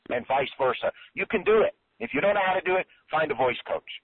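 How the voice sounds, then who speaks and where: A man giving an energetic, emphatic marketing coaching lecture that swings his pitch up and down for effect. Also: fairly quick, few pauses, husky, dry recording. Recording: phone-line audio.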